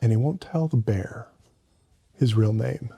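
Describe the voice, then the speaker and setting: A man's voice: mid-range voice, a little slow, creaky, dark tone, breathy edge. A man reflecting in conversation, speaking emphatically and repeating his key point. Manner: emphatic and repetitive.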